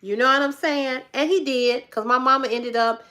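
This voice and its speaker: A woman hosting a live stream, telling a family story in a blunt, profane, animated way and talking back to her chat. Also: high-pitched, moderate pace. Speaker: livestream host.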